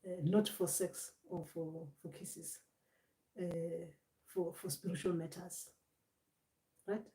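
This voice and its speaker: A woman's voice: fairly low pitch, flat delivery, takes it slowly, mellow, recorded from a distance. Woman giving a rambling spiritual talk. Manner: rambling, repeats and restarts words, acts out voices. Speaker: spiritual teacher. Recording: echoey room, voice away from mic.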